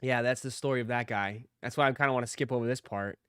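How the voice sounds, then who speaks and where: A man's voice: mid-range voice, fairly even intonation, quick pace, fairly bright tone, clean tone, no echo, clean studio sound. A man on a live stream commenting casually on old videos, with loose, profane asides.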